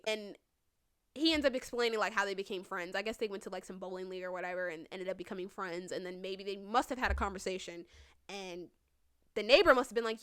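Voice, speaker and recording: A woman's voice: mid-range voice, brisk, pushed and bright. A young woman in her twenties hosting a storytime podcast, telling her story bluntly, profanely and with lots of animation. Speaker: podcast host.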